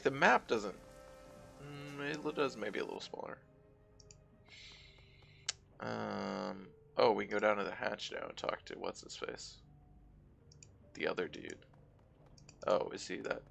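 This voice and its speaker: A man's voice: lowish voice, slow, creaky, pauses often, faint music behind. A man streaming a game, reading its narration aloud with casual asides. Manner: casual asides between steady read narration. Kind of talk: reading a game's text aloud while playing.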